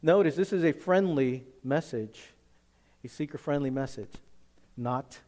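Pastor guy preaching hard, voice sits a bit high, gets loud then drops way down quiet. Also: unhurried. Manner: emphatic, swings from loud to hushed. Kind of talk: sermon.

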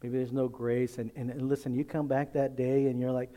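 A man's voice: medium pitch, level tone, a little fast, hardly any pauses, warm tone. A man preaching a sermon in a conversational way, asking the congregation questions and acting out little scenes. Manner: conversational preaching, rhetorical questions, acts out voices. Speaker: pastor.

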